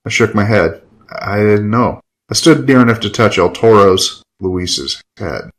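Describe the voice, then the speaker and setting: A man's voice: on the low side, a little slow, low-quality recording. A man narrating a gritty first-person story in a wry, profane, hard-boiled tone.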